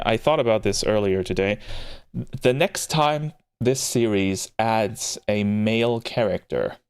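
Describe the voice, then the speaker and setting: Chatty low-voiced male streamer. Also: smooth. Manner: rambling and chatty, answering chat, with excited jumps in pitch. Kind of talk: casual livestream commentary reading a visual novel aloud.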